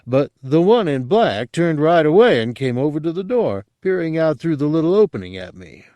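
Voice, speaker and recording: A man's voice: a little high, sing-song, moderate pace, dark tone, no room sound. Male audiobook narrator, dry close sound.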